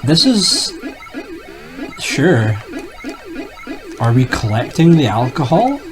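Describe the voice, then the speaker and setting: Animated young man rambling over gameplay. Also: mid-range voice, slow, music in the background, low-quality recording. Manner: rambling, jokey, talks to himself while playing. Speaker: retro gaming youtuber. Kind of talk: casual gameplay commentary.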